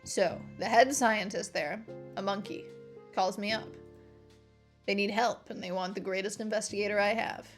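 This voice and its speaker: A woman's voice: medium pitch, fairly even intonation, normal speed, faint music behind, close to an everyday voice. A woman voicing a chatty male detective supervisor who tells his story in a casual way.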